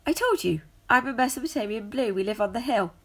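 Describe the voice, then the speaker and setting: A woman's voice: fairly high pitch, animated, fast, husky, voice pushed up. A woman voicing a small, earnest young male pet cat in a storybook, eager and pleading.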